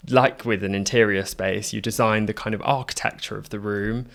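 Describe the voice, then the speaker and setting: A man's voice: fairly low pitch, steady tone, moderate pace, vocal fry, a bit bright. A man co-hosting a design podcast, chatting casually with many fillers. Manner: chatty, filler-heavy with frequent "like". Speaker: podcast co-host. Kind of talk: casual chat.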